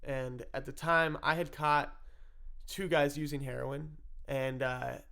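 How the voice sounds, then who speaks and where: A man's voice: medium pitch, steady tone, slow, gravelly, a bit bright, clear, resonant tone. A man telling a story about his own life in a casual, rambling way, swearing freely and laughing often between phrases. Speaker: storyteller recounting his addiction. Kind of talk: casual first-person storytelling.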